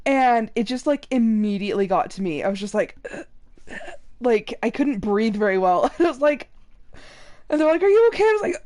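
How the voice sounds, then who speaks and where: Chatty young woman streamer, high-pitched, casual, often laughing. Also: mellow. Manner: chatty, laughs often, quotes others in raised voice. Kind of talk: casual chat while gaming.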